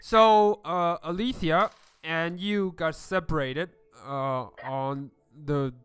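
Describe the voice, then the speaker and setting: Man, game master, slow halting narration, lots of fillers, smooth clear voice, music behind. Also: a little high, a bit bright, no room sound. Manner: hesitant, many fillers.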